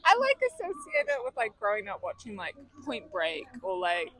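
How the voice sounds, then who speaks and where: A woman's voice: medium pitch, big pitch swings, moderate pace, pushed and bright, no echo, low-quality recording. A woman with a New Zealand accent giving reflective interview answers, full of "like" and "I don't know". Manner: reflective, many "like"s.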